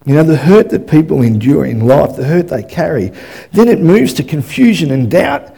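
A male pastor preaching a sermon in a church, swinging between loud, fervent bursts and hushed moments and often repeating words as he restarts a thought. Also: fairly high pitch, big pitch swings, normal speed, vocal fry, husky.

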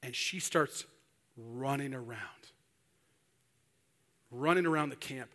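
A man's voice: medium pitch, takes it slowly, pauses often, bright, forceful tone. A male preacher giving a sermon, telling a story animatedly and acting out the voices of the people in it.

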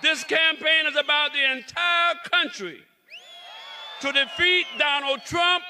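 A reverend and state representative from South Carolina, this man has a very high voice and a Southern drawl, speaking unhurriedly. He gives a preacherly rally speech outdoors in the cold, shouting and repeating himself, with a faint crowd and slight background noise.

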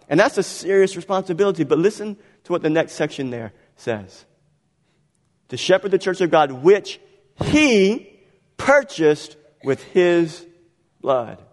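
Preacher with a reverberant hall sound. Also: male voice, on the high side. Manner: dynamic preaching, swinging between soft and loud. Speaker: pastor. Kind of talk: sermon. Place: church sanctuary.

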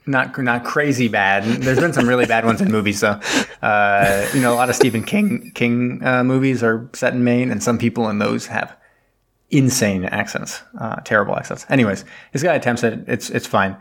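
A man's voice: medium pitch, moderate pace, a bit bright. Man casually retelling a movie plot. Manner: rambling storyteller with many fillers and asides. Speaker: podcast co-host retelling a film plot. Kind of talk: casual chat.

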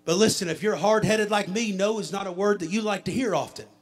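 A male pastor preaching a sermon and leading an altar prayer, swelling into a chanted, shouted preaching cadence. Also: high voice, fast. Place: church sanctuary.

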